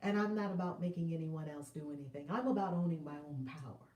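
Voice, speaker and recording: A woman life coach telling a personal story as advice, animated and playful, with affectionate asides to her viewers. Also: deep voice, fast, reverberant, distant mic, muffled recording.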